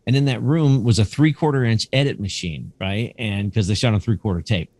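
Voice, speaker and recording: A man in his fifties, a cinematographer and museum curator, chatting as a podcast guest and telling animated stories. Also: lowish voice, fairly quick, dry recording. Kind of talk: casual anecdotal storytelling.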